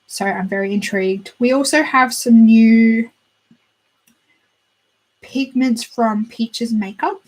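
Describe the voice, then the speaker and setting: Chatty woman with a husky voice. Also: fairly high pitch, slow pace, long pauses, darkish tone, rough recording. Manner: chatty, gushing, thinks aloud while browsing. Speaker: beauty channel host. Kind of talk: casual chat.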